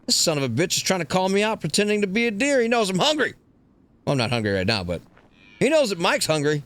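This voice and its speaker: A man's voice: sits high, big pitch swings, fast talker. Rambling, crude male gaming host. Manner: rambling, crude, jokey, talks to himself. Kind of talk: casual let's play commentary. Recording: loud game sounds behind.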